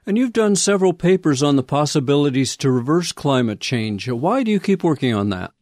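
A male interviewer posing prepared, measured questions to a guest. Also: fairly high pitch, sing-song, a little mellow, no room sound, clean studio sound. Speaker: interviewer host.

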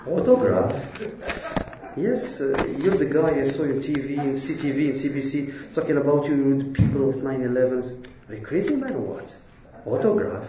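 A man with a warm, mellow voice tells his own story in earnest, halting English that is not his first language, often breaking off and restarting his sentences. The sound carries a roomy echo and is a little dull. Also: mid-range voice, lively intonation, slight background noise. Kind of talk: personal storytelling talk.

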